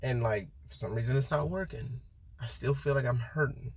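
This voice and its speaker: Young man, husky voice, loose rambling vlog talk with lots of restarts, mid pitch. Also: normal speed. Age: young adult. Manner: rambling, full of restarts and "you know", animated when quoting himself. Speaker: vlogger. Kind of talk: casual rambling monologue.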